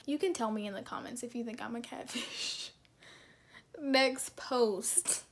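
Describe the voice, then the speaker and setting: A woman's voice: on the high side, takes it slowly. A young woman vlogger chatting casually and self-deprecatingly, with lots of fillers as she reacts to her posts.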